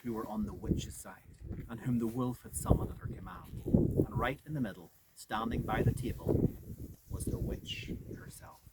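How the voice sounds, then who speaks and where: A man's voice: mid-range voice, moderate pace, creaky. A man giving a dramatic live reading of a storybook as a storyteller and tour guide, adding playful asides. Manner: dramatic, with joking asides to listeners. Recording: far from mic with loud outdoor noise.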